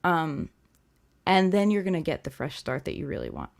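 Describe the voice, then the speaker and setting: A young woman hosting a live-stream tarot reading, talking gently and chattily with many fillers. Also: low voice, wildly swooping pitch, moderate pace, creaky. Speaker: tarot reader and livestream host.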